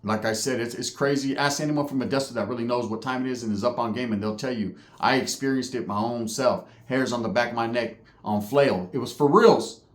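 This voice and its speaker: A man's voice: mid-range voice, fairly quick, hardly any pauses. A man telling a story casually, with lots of slang and swearing. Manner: profane, slangy, animated. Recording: echoey room.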